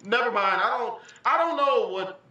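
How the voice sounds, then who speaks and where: A young man giving casual, profane, excitable reaction commentary on a vlog, often breaking into laughter. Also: extremely high pitch, moderate pace, highs cut off, background noise. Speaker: vlogger. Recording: echoey room, far from the mic, faint music.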